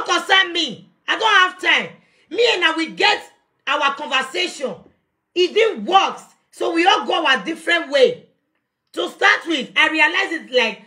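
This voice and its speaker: A woman's voice: sits high, bright, forceful tone. A young adult woman with a Nigerian accent, ranting defiantly on a live stream from her phone, confronting someone and raising her voice at times. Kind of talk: heated live rant.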